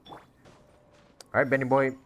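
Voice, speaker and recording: A man's voice: mid-range voice, completely flat delivery, unhurried, a little hiss or hum. A man giving casual let's-play commentary, joking, laughing often and swearing. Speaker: gaming streamer.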